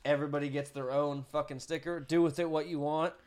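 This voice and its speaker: A man's voice: fairly high pitch, flat delivery, fast talker, darkish tone, a little hiss or hum. A man hosting a podcast in a loose, profane, casual way. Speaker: podcast host. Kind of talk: casual chat. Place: podcast room with a computer table.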